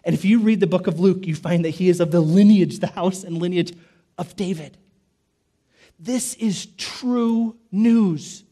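A man delivers a sermon with emphatic repetition, his voice sitting high for a man yet sounding warm and mellow. He slows down to stress key phrases and often sinks into quiet, low asides. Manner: emphatic, repetitive preaching with slow stressed phrases and sudden drops. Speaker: pastor.

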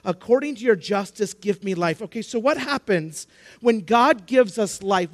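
A man with a high-sitting voice preaches a sermon, building up to impassioned, shouted emphasis and repeating rhetorical questions.

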